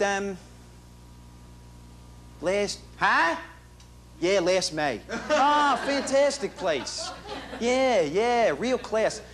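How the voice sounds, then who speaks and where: A man's voice: high voice, a bit bright, a little hiss or hum, heavily acted. An actor playing a chatty, boastful working-class family man in a comic stage monologue, rambling in street slang and bad grammar. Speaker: stage performer in a one-man show. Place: theater stage.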